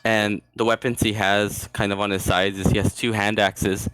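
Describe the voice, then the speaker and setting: An easygoing man describing and voicing his character in a tabletop game. His voice is fairly low, and he talks in a relaxed, offhand way. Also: moderate pace, clear, resonant tone, no echo, poor audio. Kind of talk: casual in-character role-play.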